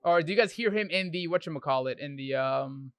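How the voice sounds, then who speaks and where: A man's voice: fairly high pitch, fairly quick, fairly bright tone, clean tone, dry recording, soft background music. A man hosting a casual livestream podcast, loose and slangy as he runs a call-in segment. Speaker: podcast host.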